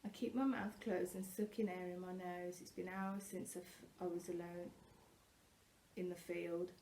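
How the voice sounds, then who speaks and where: A woman reading a first-person novel aloud, expressive and growing louder at tense moments, with the odd slip and self-correction. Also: on the low side, moderate pace, a little hiss or hum, poor audio. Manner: occasional slips and self-corrections. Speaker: reader.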